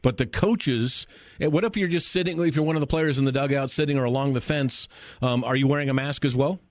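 Male studio host, easygoing sports chat, middle pitch, dry close mic. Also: brisk, a little mellow, no echo. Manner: chatty, folksy, filler-heavy. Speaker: radio sports show host. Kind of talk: live radio sports talk. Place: radio studio.

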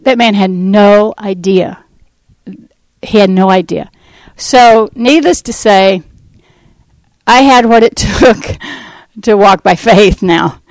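A woman from the United States telling her life testimony, acting out the dialogue in lively fashion. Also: medium pitch, slow, no room sound, poor audio. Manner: animated storyteller acting out dialogue. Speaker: ministry founder giving testimony. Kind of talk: personal testimony talk.

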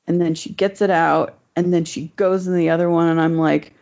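A woman's voice: fairly low pitch, steady tone, moderate pace, creaky, a little mellow. A woman telling a personal story in casual chat, rambling and swearing, with many fillers. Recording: dull lo-fi recording.

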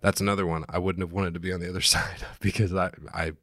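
A man with a very deep voice talks casually about scripture on a podcast. He is relaxed and hesitant, with many fillers. The sound is dry and close. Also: fast, no echo. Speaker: podcast co-host. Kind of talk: casual Bible study discussion.

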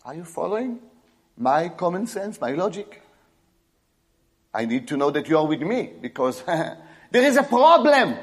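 A male preacher giving an emphatic sermon, swinging between loud exclamations and quiet asides. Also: on the high side, big pitch swings, measured pace, long pauses, husky, in a large hall.

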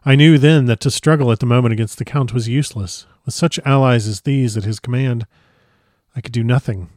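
A man's voice: medium pitch, a little fast, darkish tone, dry recording, studio quality. Man narrating a gothic diary. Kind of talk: dramatic audiobook narration.

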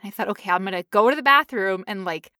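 A young woman telling a long story in casual chat, animated and acting out quotes in high voices. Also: quick pace, no room sound, studio quality.

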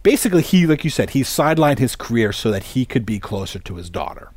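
A man with a mid-pitched voice chats about a film in a relaxed, halting way, often retelling what the characters say. His voice is recorded close and dry. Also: no room sound. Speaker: podcast co-host. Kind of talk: casual film discussion.

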